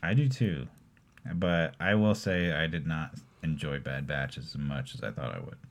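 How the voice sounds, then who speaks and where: A podcast co-host in a relaxed, rambling chat, with fillers and casual swearing. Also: a bass voice, normal speed. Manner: laid-back, rambling, with fillers and mild swearing.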